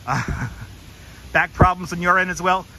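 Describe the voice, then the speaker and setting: A chatty man hosts a walking livestream outdoors on a clip-on mic. His voice sits high for a man, bright and forceful, with faint background noise. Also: unhurried, low-quality recording. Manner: chatty, jokey, reads sign text aloud, greets viewers. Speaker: livestream host. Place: outdoors in a forest garden. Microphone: wireless clip-on mic.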